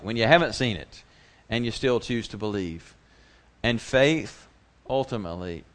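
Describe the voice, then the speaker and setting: A male pastor preaching a sermon in a conversational way, slipping into the voices of the people he quotes. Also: on the low side.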